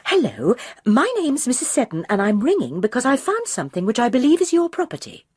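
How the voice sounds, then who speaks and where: A woman's voice: fairly high pitch, huge pitch swings, brisk, darkish tone, slightly rough, no echo, studio quality, pitched above the performer's own voice, heavily acted. A woman voicing an earnest older woman playing detective on the phone, formal in manner.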